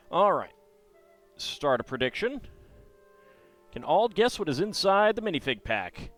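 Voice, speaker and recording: A man's voice: mid-range voice, fairly bright tone, clear, resonant tone. A man streaming live, thinking aloud in hesitant, rambling commentary.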